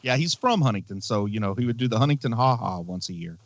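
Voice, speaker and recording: A middle-aged man co-hosting a podcast, tossing out deadpan jokes and anecdotes. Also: medium pitch, fast, lo-fi sound. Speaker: podcast co-host. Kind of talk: casual podcast chat.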